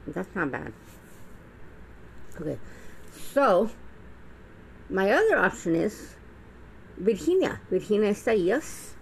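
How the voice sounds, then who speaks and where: A woman's voice: medium pitch, big pitch swings, takes it slowly, vocal fry, pauses often, a little hiss or hum, rough recording. A middle-aged woman talking straight to camera in a blunt, profane, rambling monologue full of restarts. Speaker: vlogger. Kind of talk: casual monologue.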